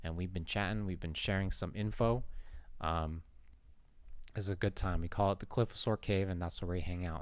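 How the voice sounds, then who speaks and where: Low-voiced playful young man vlogging. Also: steady tone, brisk, no room sound. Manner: rambling, playful, swears casually. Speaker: YouTube channel host. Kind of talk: casual vlog talk to camera.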